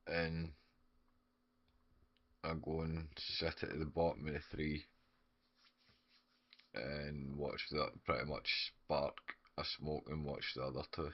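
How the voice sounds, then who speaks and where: A man with a very deep voice describes his character's moves in a tabletop game. He talks slowly and haltingly, pausing between phrases. The recording sounds dull and lo-fi. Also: level tone. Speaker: player. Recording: dull lo-fi audio.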